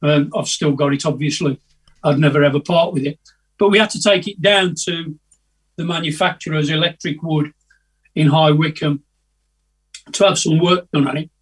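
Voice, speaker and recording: A man's voice: a little high, steady tone, normal speed, pauses often, husky. An older man from the telling rambling stories in a casual interview over a video call, hesitant and chatty, often laughing at his own tales. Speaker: guest musician. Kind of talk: casual anecdotal storytelling. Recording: voice a bit distant from the mic.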